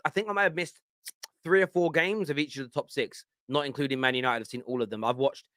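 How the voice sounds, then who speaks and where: A man in his forties with a London accent, hosting a football fan show with animated, blunt banter. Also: on the high side, no echo, clean studio sound. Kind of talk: live chat show rant.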